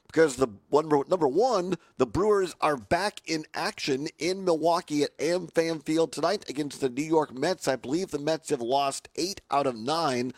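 A hoarse man with a raspy voice, hosting a live radio talk show on location, chatty and upbeat with many fillers and restarts. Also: on the high side, no room sound. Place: remote location broadcast.

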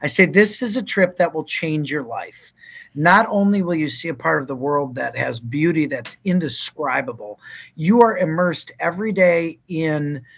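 A man's voice: a little high, lively intonation, moderate pace, vocal fry, a bit bright, slightly rough, highs cut off. A man hosting a casual podcast, speaking earnestly and with enthusiasm. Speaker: podcast host.

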